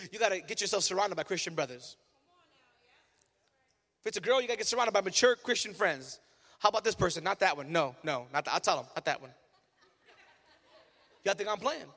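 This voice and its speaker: A young man preaching a sermon as pastor in a church, swinging between loud emphatic rises and quiet asides. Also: sits high. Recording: church hall reverb, faint music.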